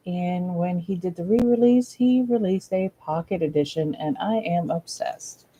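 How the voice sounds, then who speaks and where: A woman talks through a weekly card reading in a loose, chatty way. She gushes, drops casual swears and keeps things informal. Her voice sits fairly low and sounds mellow and relaxed. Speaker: psychic medium.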